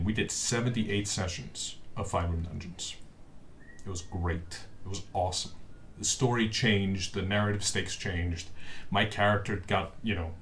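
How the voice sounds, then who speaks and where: A man with a low voice chats casually on his live stream. He rambles, restarts and fills gaps with "uh." His voice comes through a webcam microphone with a faint hiss behind it. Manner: rambling, with many fillers and restarts. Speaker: streamer host.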